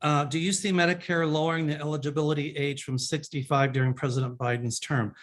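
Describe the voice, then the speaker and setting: A man's voice: fairly high pitch, flat delivery, fast talker. A man hosting a psychic show, answering viewer questions in a rambling, casual monologue full of fillers.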